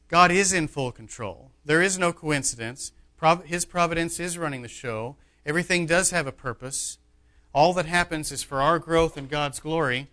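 Man, pastor, sermon, emphatic delivery, loud and hushed by turns, slightly high, forceful tone. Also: measured pace. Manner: emphatic preaching, swings between loud and hushed.

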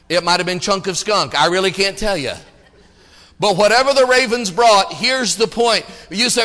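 A man's voice: sits high, bright, forceful tone. A man, preaching an emphatic, rhythmic sermon from the pulpit. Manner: emphatic, rhythmic preaching with call-and-response phrasing. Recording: long hall reverb.

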